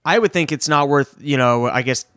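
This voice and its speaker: A man chatting casually as a podcast host, laying out a scenario in an animated way. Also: medium pitch, moderate pace, dry recording, clean studio sound. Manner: animated storytelling, sets up bits. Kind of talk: casual chat.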